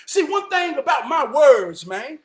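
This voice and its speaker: A very animated man delivers an impassioned, preachy monologue at an unhurried pace. He swings between shouting and low muttering, repeats phrases for emphasis and curses often.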